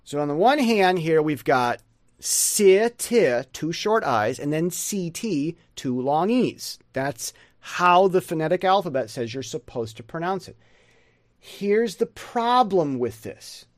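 A man giving a casual pronunciation lesson, rambling and sounding out words slowly. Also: fairly high pitch, lively intonation, dry recording, studio quality. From United States. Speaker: pronunciation teacher.

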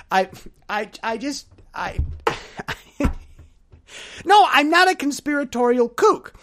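A man's voice: very high-pitched, big pitch swings, a little slow, pauses often, a bit bright. A man hosting a solo podcast, telling a rambling story with sarcasm and lots of stammered restarts. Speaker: podcast host.

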